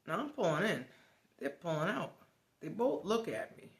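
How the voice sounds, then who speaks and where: Animated man telling a story. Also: high-pitched, moderate pace, roomy sound. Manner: animated, swears, laughs as he tells it. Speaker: vlogger. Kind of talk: casual storytelling.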